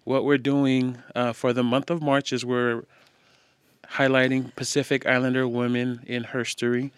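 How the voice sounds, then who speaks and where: A tired man co-hosting a podcast, talking in a relaxed, slangy, casual way. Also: medium pitch, moderate pace, clear, resonant tone, dry recording, clean studio sound. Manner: relaxed, slangy, laid-back. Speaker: podcast co-host. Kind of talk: casual chat.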